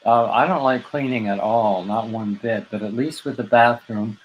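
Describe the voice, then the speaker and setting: A man's voice: on the low side, moderate pace, a little hiss or hum, low-quality recording. A man appearing as a guest on a live stream, chatting casually in a dry, understated way.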